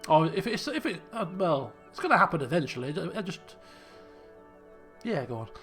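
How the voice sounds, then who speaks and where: A man hosting a game playthrough, reading narration in a lower, measured voice and adding wry comments. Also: big pitch swings, fairly bright tone, soft background music. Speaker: let's play host.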